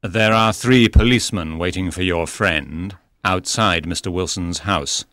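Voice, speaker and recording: A man reading the part of a calm, clever male detective in an audiobook, speaking in a measured, explanatory manner. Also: sits low, dry recording, clean studio sound. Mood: explaining.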